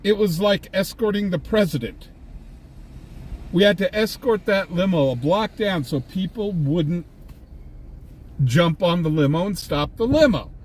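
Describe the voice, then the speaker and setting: A man's voice: high-pitched, expressive, measured pace, darkish tone. A man hosting a live stream, casually telling anecdotes and laughing at his own stories while he sits in a vehicle. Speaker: livestream host and scanner chaser. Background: faint vehicle and ambient noise.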